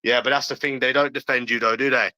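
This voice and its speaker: A man's voice: medium pitch, fairly even intonation, quick pace, bright, forceful tone, no room sound, poor audio. A man ranting on a livestream, talking bluntly and profanely and repeating himself, while addressing viewers in chat. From London, England.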